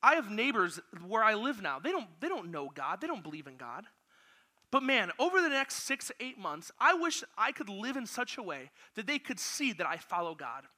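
High, bright-voiced youth pastor. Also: male voice, normal speed. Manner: energetic, directs volunteers playfully. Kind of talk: youth sermon with acted-out Bible story.

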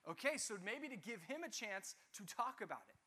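A man's voice: high voice, fairly quick. A man teaching a Bible class, asking his students questions and joking with them. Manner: lively, asks the class questions, jokes.

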